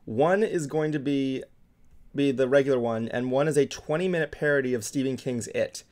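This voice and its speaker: A man's voice: medium pitch, moderate pace, darkish tone. Podcast host, male, chatty and loose, lots of ums. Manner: chatty, many ums and restarts. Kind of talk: casual chat.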